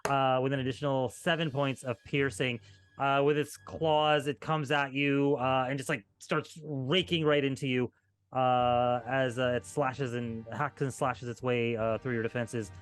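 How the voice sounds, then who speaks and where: A man's voice: mid-range voice, level tone, unhurried, faint music behind. A man running a tabletop game as game master, narrating in a loose, filler-heavy way.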